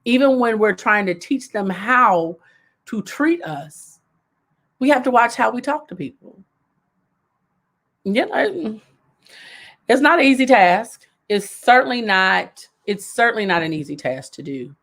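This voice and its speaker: A woman's voice: on the high side, lively intonation, a little slow, pauses often, a bit bright. A woman hosting a live advice show, coaching viewers in a casual way, repeating her key points and laughing as she reads their comments.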